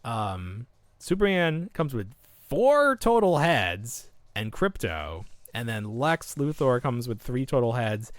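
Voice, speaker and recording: Animated man rambling on a podcast. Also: mid-range voice, slow pace, dry recording. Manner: rambling, lots of fillers and trailing thoughts. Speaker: podcast co-host. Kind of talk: casual chat.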